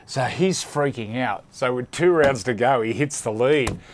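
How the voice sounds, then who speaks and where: A man's voice: medium pitch, a little slow, background noise. A middle-aged Australian man, a former rugby league player, telling cheeky anecdotes in a laconic, laughing way. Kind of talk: casual storytelling chat.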